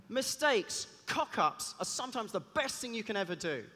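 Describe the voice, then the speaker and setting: A man, a cellist giving a lively talk on stage, chatty and joking in asides. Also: sits high, normal speed, few pauses, a little hiss or hum. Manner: chatty, self-deprecating, jokey asides. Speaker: conference speaker and cellist. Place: large hall on stage. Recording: long reverb of a big hall.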